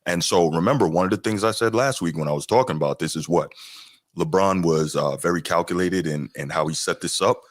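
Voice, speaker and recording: A man hosting a podcast, reacting to clips in a relaxed, chatty way with fillers. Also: low voice, brisk, no room sound, studio quality. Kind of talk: casual commentary.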